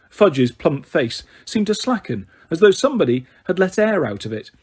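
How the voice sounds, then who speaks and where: A man's voice: mid-range voice, lively intonation, normal speed, few pauses, darkish tone, breathy edge. A man reading an audiobook aloud as narrator, telling the story steadily.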